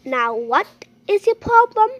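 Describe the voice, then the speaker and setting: A woman's voice: sits high, very animated, unhurried, dry recording, lo-fi sound. Girl doing a cop who's here to save the day, super sing-songy. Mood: heroic. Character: eager cop coming to the rescue.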